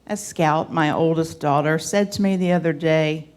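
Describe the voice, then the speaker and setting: A woman's voice: sits low, moderate pace, darkish tone, clean tone. A woman in her forties from the American South with a Southern accent, giving a homey church reflection with scripture reading and folksy asides. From Southern United States.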